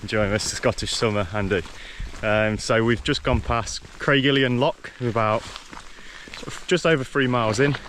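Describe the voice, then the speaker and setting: A man's voice: mid-range voice, fairly even intonation, unhurried, hardly any pauses, a bit bright, a little hiss or hum. Man mid-range voice, easygoing walking vlog outdoors, faint countryside sounds behind. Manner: chatty, easygoing, lots of ums and restarts. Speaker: vlogger walking a long-distance trail. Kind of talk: casual walking vlog commentary. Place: outdoors on a rural trail.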